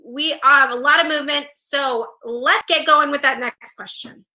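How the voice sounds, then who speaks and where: A woman hosting a quiz show, bubbly and playful as she reads out questions quickly. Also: sits high, pushed and bright, low-quality recording. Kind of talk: upbeat game show hosting.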